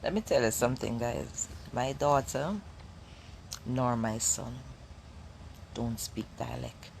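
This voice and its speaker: A woman's voice: extremely low pitch, steady tone, takes it slowly, vocal fry, darkish tone, slight background noise. A middle-aged Jamaican woman with a Jamaican accent, addressing viewers as a mother in an emphatic, declaring way.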